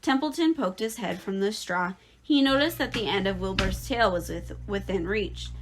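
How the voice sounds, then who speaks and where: A woman teacher reads a children's novel aloud to her class. Her voice sits at an ordinary middle pitch. She gives the story an expressive, lively read-aloud delivery. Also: moderate pace, low-quality recording. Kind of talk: reading a children's book aloud.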